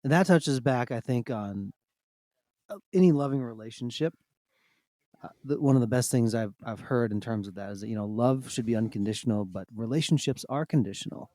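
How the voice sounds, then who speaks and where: Brief: adult male co-host, reflective and measured, average pitch, dry close recording. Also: dark tone, no echo. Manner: reflective and thoughtful, measured phrasing. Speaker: podcast co-host, former bass player. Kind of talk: casual chat.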